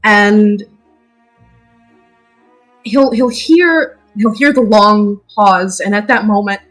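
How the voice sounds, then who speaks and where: A woman's voice: medium pitch, takes it slowly, a bit bright, faint music behind. A woman playing a tabletop game, playful and hesitant, laughing often. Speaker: player.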